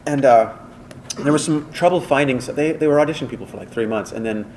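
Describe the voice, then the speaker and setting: An animated man rambles through studio anecdotes as a podcast guest, his voice sitting at an ordinary middle pitch. He piles up fillers and restarts, and a light hiss of noise sits under the recording. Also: fast talker. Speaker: voice director and voice actor guest. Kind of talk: casual podcast interview storytelling.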